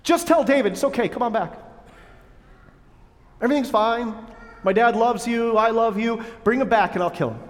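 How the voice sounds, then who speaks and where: A man's voice: extremely high pitch, moderate pace, long pauses. A preacher voicing a coaxing scheming king. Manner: coaxing, wheedling, repetitive. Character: scheming angry king coaxing his son. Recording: long reverb of a large hall.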